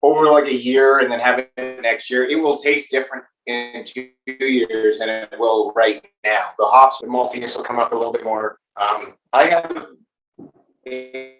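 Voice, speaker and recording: Relaxed man talking beer, echoey and distant. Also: mid-range voice, moderate pace, lo-fi sound, soft background music. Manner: relaxed, rambling explanations with many fillers. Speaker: brewmaster guest. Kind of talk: casual chat.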